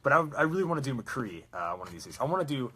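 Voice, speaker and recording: A man's voice: mid-range voice, sing-song, rapid-fire, pushed and bright, breathy edge. A man chatting casually while making a prop, rambling with self-mocking jokes. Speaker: prop maker. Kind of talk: casual workshop chat.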